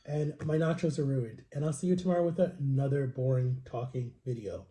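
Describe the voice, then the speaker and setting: A man's voice: medium pitch, steady tone, brisk, dark tone. A man rambling through a personal story in a casual vlog, in a confiding way. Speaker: vlogger. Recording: roomy, echoey home recording.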